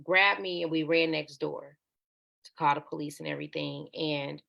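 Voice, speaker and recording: Woman guest on a podcast telling her story straight, a bit of fry in the voice. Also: sits low, fairly even intonation, moderate pace, muffled recording. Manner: candid, conversational, slips into acted quotes. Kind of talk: personal storytelling interview.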